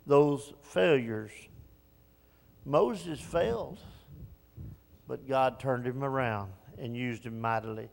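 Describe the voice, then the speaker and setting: A man pastor preaching a sermon in a folksy, self-mocking way that swells to shouts. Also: mid-range voice, gravelly, in a large hall.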